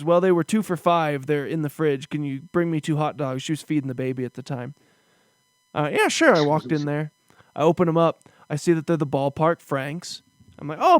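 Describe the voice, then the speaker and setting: A man in his thirties hosting a casual podcast chat, with a voice that sits a little high. He tells stories with big, animated mock outrage, and the sound is close and dry with no room echo. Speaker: podcast host.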